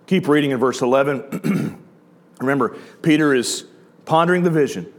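A man's voice: medium pitch, big pitch swings, unhurried, pauses often. A man with a Southern accent preaching a sermon as pastor, talking conversationally and putting questions to his listeners. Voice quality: conversational, asks the audience questions.

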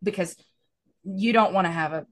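A woman with a drawling Southern US accent, chatting as an interview guest and telling lively little stories. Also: fairly low pitch, moderate pace. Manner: chatty storyteller, acting out little exchanges. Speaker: podfic narrator, interview guest. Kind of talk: casual chat.

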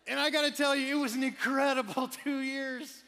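A man preaching a sermon, telling animated personal stories and laughing often. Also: very high-pitched, moderate pace, long reverb tail. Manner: animated storyteller, laughs often, quotes people. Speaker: pastor.

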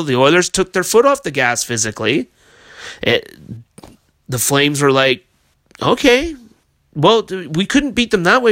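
A man's voice: high-pitched, bright, forceful tone, no echo. A man hosting a hockey podcast, ranting in a heated, profane, casual way. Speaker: podcast host.

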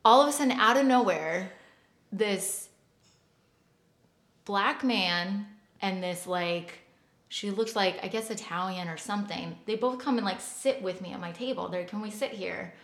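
A woman's voice: mid-range voice, a little slow, fairly bright tone. A woman co-hosting a podcast, telling a personal story in a rambling, casual way full of fillers. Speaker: podcast co-host. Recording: echoey room.

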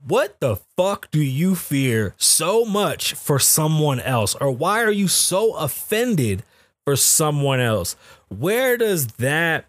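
A man's voice: fairly high pitch, very animated, takes it slowly, dry recording. Ranting, foul-mouthed man podcast host. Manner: blunt, ranting, heavy swearing. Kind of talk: casual profane commentary.

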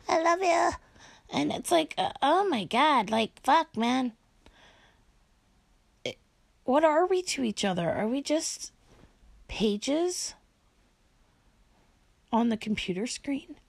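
A woman rants bluntly to camera in a casual vlog, her voice gravelly and swinging widely in pitch. She hammers her points home and slips into whispered asides. The recording is close and dry. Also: dry recording. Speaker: vlogger.

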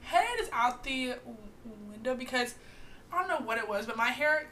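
Give me a young woman in casual podcast chat, high-pitched, telling stories animatedly. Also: moderate pace, slight background noise. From Louisiana. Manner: animated storytelling with swearing and laughter. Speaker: podcast co-host.

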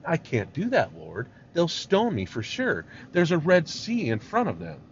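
A fretful Moses pleads with rising, lively pitch as a preacher acts him out. The voice sounds dull and lo-fi, with faint hiss. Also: male voice, a little slow, full character voice. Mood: anxious. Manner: anxious, pleading. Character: Moses, a worried, pleading male leader. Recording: dull lo-fi recording.

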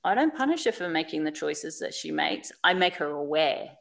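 A woman's voice: sits low, very animated, moderate pace, creaky, fairly bright tone. A woman speaking on a podcast in a candid, earnest, reflective way, repeating phrases for emphasis. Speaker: podcast guest.

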